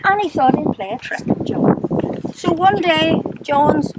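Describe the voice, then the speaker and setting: An older woman with a Northern Irish accent telling childhood stories to children, chatty and quick to laugh. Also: sits high. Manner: chatty storyteller, laughs often. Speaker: storyteller to children. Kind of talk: recounting childhood memories. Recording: noisy background.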